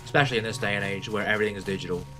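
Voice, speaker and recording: A young Australian man chatting casually with his viewers while playing a game on a live stream, rambling, swearing and getting excited. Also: lowish voice, racing. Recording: music playing behind the voice.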